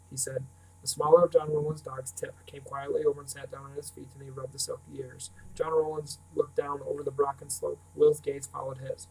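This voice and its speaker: Man, audiobook narration, steady, flat delivery, distant mic. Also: on the high side, a little fast, gravelly, breathy edge. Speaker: reader.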